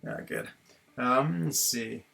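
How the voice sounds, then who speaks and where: Gravelly man musing casually. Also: medium pitch, slow pace, bright, forceful tone. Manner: rambling, musing, chuckles often. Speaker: streamer host. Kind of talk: casual live-stream chat reading comments. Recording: faint guitar music behind.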